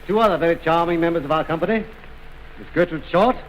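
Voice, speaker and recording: A man's voice: on the high side, fast talker, dull audio, slight background noise. A man presenting a film trailer in a formal, courteous, theatrical 1920s manner.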